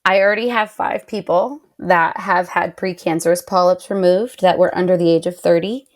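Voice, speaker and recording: A young woman, a podcast guest and patient advocate, telling a personal story with feeling, lots of "like", and lively quoted voices. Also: lowish voice, moderate pace. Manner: animated, heavy use of "like", quotes others in raised voice.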